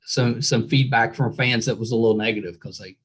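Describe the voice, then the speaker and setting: A man hosting a podcast interview, friendly and quick to laugh, nodding along with short replies. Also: medium pitch, husky. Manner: friendly, laughs often, fills with yeah. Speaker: podcast host. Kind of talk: casual interview chat.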